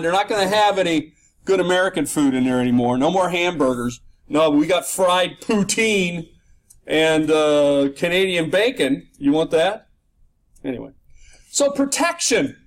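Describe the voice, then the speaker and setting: A middle-aged man lecturing a class on economics, teasing the students with jokes and rhetorical questions. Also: high-pitched. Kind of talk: classroom lecture with joking asides. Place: classroom in Florida.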